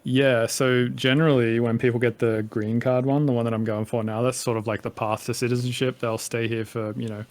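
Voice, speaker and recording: A man's voice: medium pitch, flat delivery, fairly quick, hardly any pauses, darkish tone. Male podcast guest, light Australian accent, easygoing rambling chat with filler words. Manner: rambling, filler-heavy, casual swearing. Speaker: podcast guest, music producer. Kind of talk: casual conversation.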